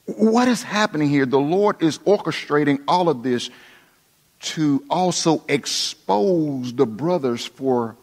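A male pastor delivering a sermon, swinging between hushed passages and emphatic ones. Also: on the high side, lively intonation, slow pace. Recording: long reverb of a large hall.

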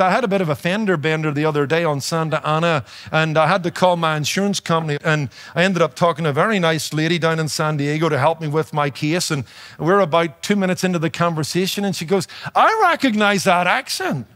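A man preaching with a fairly high voice and a noticeable accent that is not local to his listeners. He leans hard on key words and throws rhetorical questions at the congregation, with touches of humor. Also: a bit bright. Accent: non-native to his audience, noticeable. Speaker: pastor and radio preacher. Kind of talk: sermon.

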